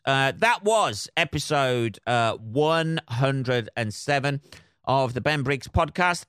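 A man's voice: mid-range voice, a bit bright, smooth, dry recording, clean studio sound. A male comedian hosting his own podcast, ranting in a heated, sweary, rambling way. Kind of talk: solo podcast rant.

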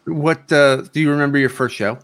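Woman, podcast host, very deep voice, friendly questions, laughs easily. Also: fairly quick. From Boston area, USA. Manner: encouraging, laughs often. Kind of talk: casual interview chat.

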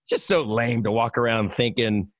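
A man's voice: medium pitch, normal speed, dry recording, clean studio sound. A man telling a rambling story in casual chat, full of fillers and swearing. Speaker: radio personality.

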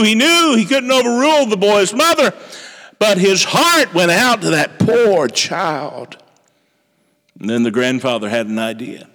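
A man preaching a sermon, telling a story with dramatic shifts in pitch and pace. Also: a bit bright, big-room sound.

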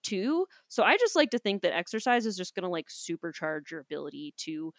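A woman co-hosting a podcast in casual chat, telling animated stories and acting out the people in them, with some casual swearing. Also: lowish voice, brisk, no room sound, clean studio sound. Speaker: podcast co-host.

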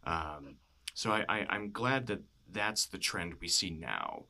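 A man's voice: low-pitched, expressive, slow pace, pushed and bright. A man talking casually about films, rambling with lots of fillers and frequent laughs. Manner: rambling, many "you know" fillers, laughs often. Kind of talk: casual film chat.

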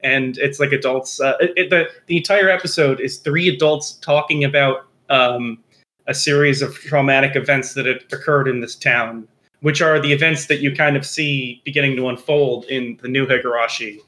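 A man co-hosting a casual anime discussion podcast, animated and hesitant, often restarting his sentences. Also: medium pitch, normal speed. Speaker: podcast co-host.

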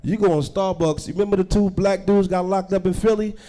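A young man doing a stand-up comedy set, telling stories loudly and acting out the characters he describes. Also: sits high, a little fast. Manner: loud animated storytelling, acting out characters.

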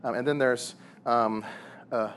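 A man in his thirties preaching a sermon on marriage, animated and full of rhetorical questions and repeated words. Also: mid-range voice, measured pace, a little hiss or hum. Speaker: pastor.

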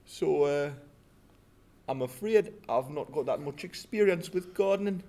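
A husky-voiced man improvising comedy, playful and deadpan in character. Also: on the high side, unhurried. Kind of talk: improvised comedy with put-on accents.

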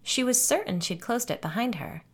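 A woman narrating a scripted horror story in a measured, suspenseful way. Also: a little high, animated, breathy edge.

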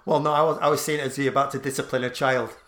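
Crude, bright-voiced man. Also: medium pitch, fairly even intonation, rapid-fire. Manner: crude, playful, laughs often. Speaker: podcast co-host. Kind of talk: casual comic chat.

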